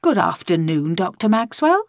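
A woman voicing a stiff, formal male director who speaks in a clipped, measured way. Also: on the low side, big pitch swings, dry recording, clean studio sound.

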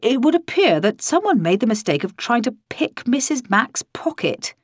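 A woman's voice: a little high, big pitch swings, moderate pace, no room sound, studio quality, pitched above the performer's own voice. A woman reading an audiobook, voicing a formal, unflappable older male director with clipped, understated politeness. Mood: calm formal.

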